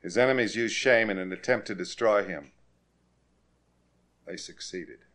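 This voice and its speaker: A man preaching a sermon and directing a congregation through scripture, growing forceful and repetitive when he presses a point. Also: fairly low pitch, measured pace. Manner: emphatic, rises to forceful repetition.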